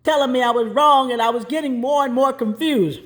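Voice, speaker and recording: High-voiced folksy woman storyteller. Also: fairly quick. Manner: folksy, plain-spoken, with colloquial grammar; lively, acts out voices as she tells. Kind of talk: spoken-word personal storytelling.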